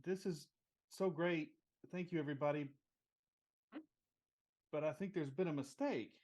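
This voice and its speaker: A man's voice: high voice, animated, moderate pace, voice pushed up. A man voicing a kind, tearful young girl scout in a tabletop game, speaking earnestly. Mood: heartfelt. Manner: earnest, heartfelt.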